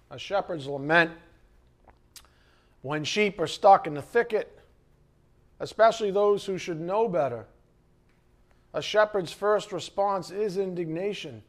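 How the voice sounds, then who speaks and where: A man preaching a sermon as pastor, lively and conversational, asking the congregation questions. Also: on the high side. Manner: animated preaching, acting out scripture quotes and asides.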